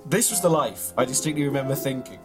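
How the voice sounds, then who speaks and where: A comedy podcast host reads his own mock memoir in a deadpan, mock-earnest storytelling manner, his voice at a medium pitch. After the comic reading, he moves into casual chat.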